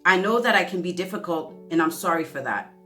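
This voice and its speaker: A woman with a slightly low but bright, forward voice speaks to her viewers in an earnest, emotional way, close to tears. Her reading halts and restarts now and then. Soft guitar music plays faintly underneath. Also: expressive. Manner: earnest, emotional, halting reading with self-corrections. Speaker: vlogger. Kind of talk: heartfelt vlog talk and reading a letter aloud.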